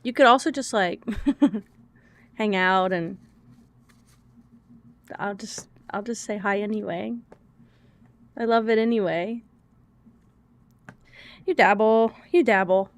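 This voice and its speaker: A woman's voice: mid-range voice, takes it slowly, pauses often. A young woman streaming a video game, chatting casually with her viewers, laughing often and swearing freely.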